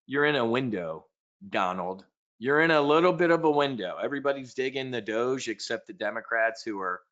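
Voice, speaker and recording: A man's voice: medium pitch, fairly bright tone. Male market-briefing host with a blunt, profane ranting delivery and slightly muffled audio. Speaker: trading show host.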